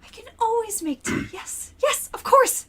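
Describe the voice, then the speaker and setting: Woman putting on a tired sweet mother, high pitched, flustered, rushed. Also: sing-song, a crowd in the background. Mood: eager. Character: short sweet tired mother, anxious and fluttery.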